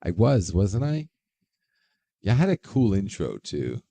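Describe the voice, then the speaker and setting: Gravelly low-voiced man on a livestream. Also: wildly swooping pitch, unhurried, dark tone, no room sound. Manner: rambling, reads chat names aloud, swears freely. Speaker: livestream host. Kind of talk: casual livestream chat.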